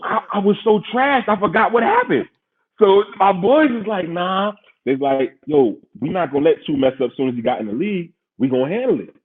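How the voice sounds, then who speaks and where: A man's voice: high voice, lively intonation, a little fast. A man from Queens with a New York accent, telling a story in casual, slangy podcast talk and laughing often. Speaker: podcast host, former pro football player. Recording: husky voice over tinny phone-like line.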